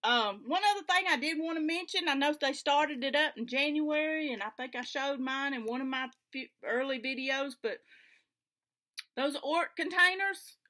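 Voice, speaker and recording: A woman's voice: high voice, normal speed, pushed and bright. A woman with a Southern US accent chatting casually to camera from her home craft room, homey and enthusiastic. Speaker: flosstube vlogger.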